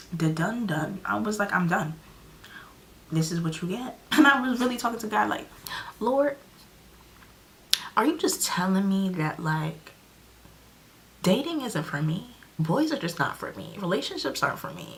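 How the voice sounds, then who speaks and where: A woman in her twenties telling a story in a casual vlog, animated and dramatic, acting out her own lines. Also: on the low side. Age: 20s. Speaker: vlogger.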